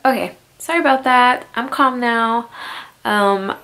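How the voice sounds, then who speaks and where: A woman's voice: a little high, measured pace, sharp tone. A young woman vlogging a heated, profane rant straight to her camera at home, full of "like" fillers. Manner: heated, swearing, filler-heavy "like".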